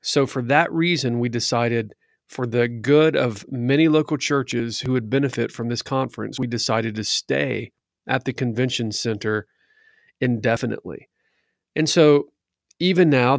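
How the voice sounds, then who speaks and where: A church elder, a man, giving an earnest, measured account that stacks up lists for emphasis. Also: mid-range voice, creaky, dry recording, clean studio sound. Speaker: church elder and conference organizer. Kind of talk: reflective spoken account.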